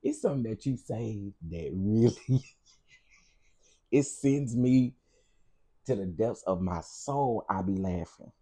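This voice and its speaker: A man talks to his livestream viewers in a low, mellow voice with a husky edge. He chats loosely, calls out viewers by name and repeats his phrases again and again. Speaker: livestream host. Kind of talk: casual livestream chat.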